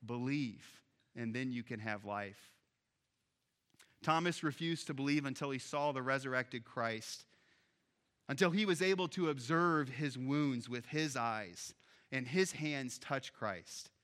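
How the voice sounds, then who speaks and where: A man, a pastor, preaching an earnest Easter sermon, building up on key points and dropping soft on others. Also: medium pitch, a little slow. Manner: earnest, rising with emphasis then dropping soft.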